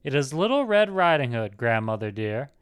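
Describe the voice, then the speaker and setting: A man's voice: mid-range voice, very animated, normal speed, clean tone, close to an everyday voice. A man voicing an innocent, polite little girl in a storybook reading, with a raised, sweet lilting voice.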